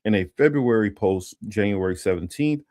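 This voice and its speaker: Low-voiced man rambling through commentary. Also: animated, normal speed, mellow, dry recording, studio quality. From Los Angeles area. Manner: rambling, many fillers and restarts; reads news text aloud. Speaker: political commentary host. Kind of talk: casual livestream commentary.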